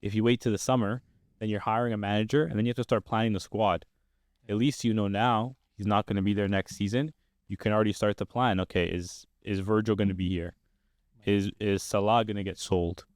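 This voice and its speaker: Young man, podcast host, casual sports chat, upbeat, smooth resonant voice, dry close mic. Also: lowish voice, steady tone, a little fast, no room sound. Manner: upbeat, steers the talk with questions.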